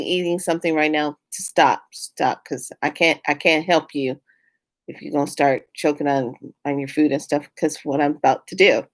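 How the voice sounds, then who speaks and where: A woman from California talking casually to her viewers, outspoken and animated. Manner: animated, outspoken, jumps up in pitch when worked up. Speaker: spiritual vlogger. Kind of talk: casual chat to camera.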